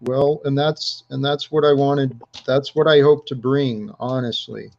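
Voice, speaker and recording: A man hosting a casual panel discussion, speaking in a searching, halting way. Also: mid-range voice, fairly even intonation, gravelly, a little mellow, highs cut off. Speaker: host.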